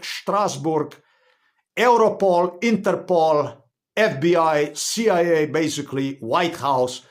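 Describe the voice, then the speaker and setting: Man, agitated and profane, voice a bit high, vlog rant at home. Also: darkish tone. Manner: agitated, profane, repeats himself. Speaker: vlogger. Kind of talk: angry filmed rant. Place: inside his house.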